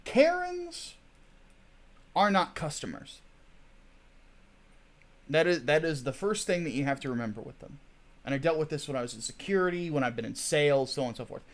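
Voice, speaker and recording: A man's voice: fairly high pitch, lively intonation, a little fast, long pauses. A man hosting a casual livestream, ranting in a chatty, digressive way and swearing freely. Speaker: host.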